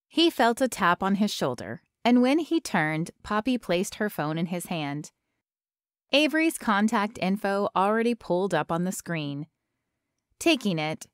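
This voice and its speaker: A woman narrating an audiobook in an even, measured storytelling voice. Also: mid-range voice, clear, resonant tone, no room sound, studio quality.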